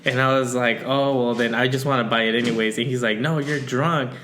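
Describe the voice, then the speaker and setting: A man's voice: mid-range voice, steady tone, a little fast, fairly bright tone, a little hiss or hum. A young man co-hosting a podcast, telling a rambling story in casual chat and laughing often. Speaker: podcast co-host.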